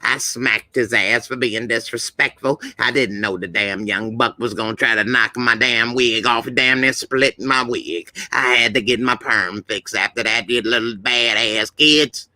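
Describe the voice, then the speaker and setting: A man's voice: mid-range voice, fairly even intonation, a little slow, hardly any pauses, sharp tone, no echo, poor audio. A man impersonating a boastful veteran male comedian, talking in brash street slang with repeated "all right?" and "pimpin'". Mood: boasting.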